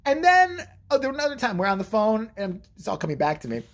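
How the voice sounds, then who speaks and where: In a casual vlog, a man tells a story with plenty of profanity and energy, slipping into the voices of the people he quotes. His voice is high-pitched and he talks fast.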